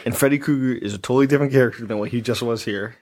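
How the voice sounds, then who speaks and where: Laid-back young man, mid-pitched voice. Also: very fast, darkish tone. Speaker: podcast co-host. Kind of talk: casual chat.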